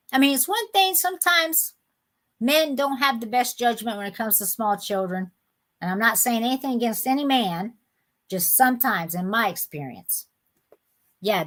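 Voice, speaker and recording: A woman's voice: a little high, fairly bright tone. A middle-aged woman, chatting with viewers by name while hosting a live sale, indignant and talkative. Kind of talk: casual live-stream chat.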